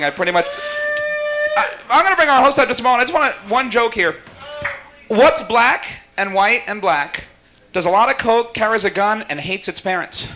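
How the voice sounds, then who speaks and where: A man warming up a live talk show audience, teasing guests and cracking quick jokes. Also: sits high. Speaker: talk show warm-up host. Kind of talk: jokey stage banter with audience.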